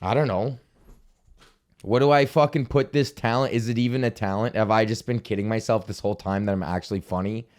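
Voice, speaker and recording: A man's voice: lowish voice, steady tone, brisk, a little mellow. A young man hosting a solo comedy podcast, ranting in a profane, rambling, self-deprecating way. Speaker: podcast host.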